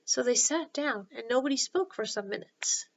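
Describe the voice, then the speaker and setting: A woman's voice: on the high side, animated, moderate pace, lo-fi sound. Woman reading a storybook aloud. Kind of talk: storybook read-aloud narration.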